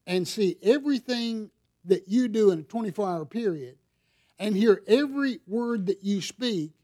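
Sitting high with a dark tone, the voice is that of a middle-aged pastor giving a conversational sermon, frequently tossing rhetorical questions at the congregation.

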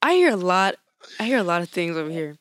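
A woman's voice: on the low side, big pitch swings, fast, fairly bright tone. A young woman with a Louisiana accent, a podcast guest who speaks frankly and animatedly and laughs easily. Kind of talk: casual chat.

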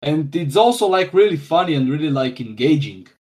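Brief: male podcast guest, a touch high-pitched, halting delivery with lots of fillers. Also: very animated, a little mellow. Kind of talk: casual podcast chat.

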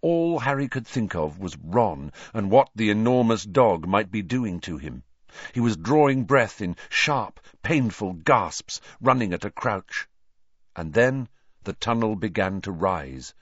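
A man narrates a storybook in a low voice that rises and falls in a lively, dramatic way. The recording is dry and close, with a slightly dull, muffled top end. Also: no echo. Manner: dramatic, expressive reading. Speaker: audiobook narrator.

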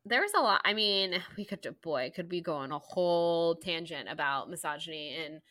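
Bright-voiced young woman, emphatic chat. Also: fairly low pitch, normal speed. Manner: emphatic, conversational, with exclamations like "boy". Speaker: podcast co-host. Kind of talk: casual chat.

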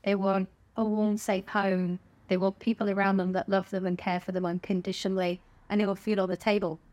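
Brisk and somewhat dark in tone, this middle-aged woman's medium-pitched voice shows little pitch movement. She's an English stand-up comedian with a southern accent, guesting on a podcast for a candid conversational interview where she swears offhandedly and laughs often.

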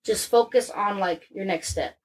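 A woman's voice: medium pitch, normal speed, darkish tone, husky. A woman in her thirties chatting openly and casually. Her talk wanders through restarts and frequent swearing, with a plain everyday voice. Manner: candid, rambling, frequent swearing. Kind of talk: casual chat.

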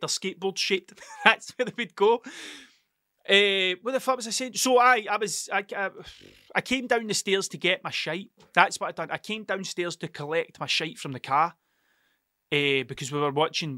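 A man's voice: fairly high pitch, bright, forceful tone, no room sound, clean studio sound. A Scottish man in his thirties with an Ayrshire accent, hosting a podcast and telling a rambling, sweary story that keeps wandering off track. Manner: sweary, digressive, restarts mid-sentence. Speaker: podcast host.

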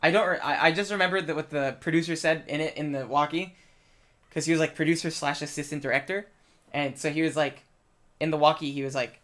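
A man's voice: a little high, fairly even intonation, fast talker, fairly bright tone. A man in casual chat, rambling with lots of filler words and swearing while telling a story from a film set. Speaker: film crew member.

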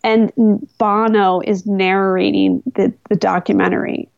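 A woman guest on a podcast, telling stories in casual conversation, animated and incredulous. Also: mid-range voice, unhurried, gravelly, no room sound. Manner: animated, incredulous storyteller with laughs. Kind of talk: casual interview storytelling. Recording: dull, dry close-mic sound.

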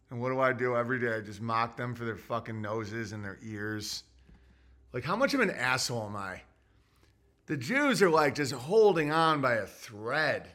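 A man's voice: mid-range voice, a bit bright. Grumpy sarcastic man ranting on a stream. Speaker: livestreamer reading super chats. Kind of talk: solo livestream rant.

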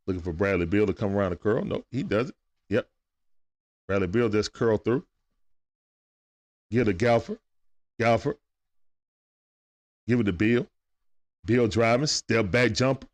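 A man giving casual, excitable play-by-play commentary on a live stream, chatting with his viewers in slang. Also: lowish voice.

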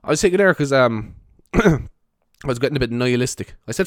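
A man's voice: mid-range voice, expressive, a little fast, no room sound, studio quality. A young man with a Cork Irish accent, chatting casually to camera, rambling, swearing often and laughing at himself. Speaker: vlogger. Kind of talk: casual rambling vlog chat.

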